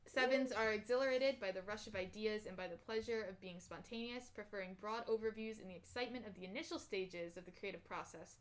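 Here a young woman co-hosts a podcast, talking fast with hardly any pauses in a medium-pitched voice. She casually reads personality test results aloud, stumbling through fillers and restarts and laughing readily.

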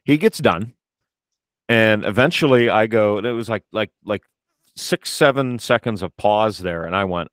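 A man's voice: on the low side, normal speed, a bit bright, no room sound, clean studio sound. A man co-hosting a casual podcast, telling stories and asking questions. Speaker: podcast co-host.

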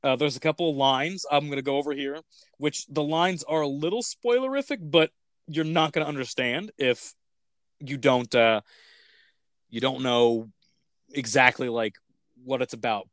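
A man's voice: mid-range voice, normal speed, no echo, studio quality. Enthusiastic man rambling about a film. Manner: enthusiastic, rambling with fillers and tangents. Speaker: podcast host reviewing films. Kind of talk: casual chat.

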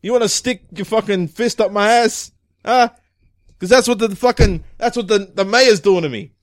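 A man improvising as a crude, bullying male police chief in a comedy sketch, heckling his officers with loud rants. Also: high voice, moderate pace, no room sound, pitched above the performer's own voice, lightly acted. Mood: ranting.

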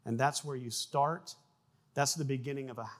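A man preaching a sermon, animated, with frequent repeated words and acted-out sound effects in his stories. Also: medium pitch, moderate pace. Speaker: pastor.

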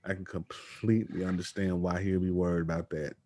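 A man's voice: deep voice, little pitch movement, brisk, darkish tone, no room sound. A man co-hosting a podcast, casually chatting about wrestling news and reading quotes aloud. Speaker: podcast co-host.

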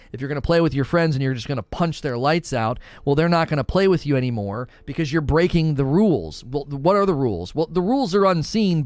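A man's voice: mid-range voice, dry recording. A man in his thirties, a father, giving blunt opinions in casual chat while answering questions, often restarting his sentences.

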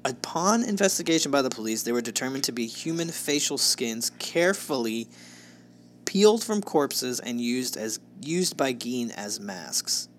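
A man's voice: mid-range voice, sing-song, moderate pace, a little hiss or hum. A man co-hosting a casual true-crime podcast, narrating case details with sarcastic jokes. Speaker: podcast co-host.

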